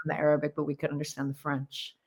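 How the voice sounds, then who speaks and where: A woman's voice: low-pitched, monotone, fast talker, husky. A middle-aged woman, a guest on a podcast, telling family stories in casual chat and laughing often. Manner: laughs often, chatty storytelling. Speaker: guest musician.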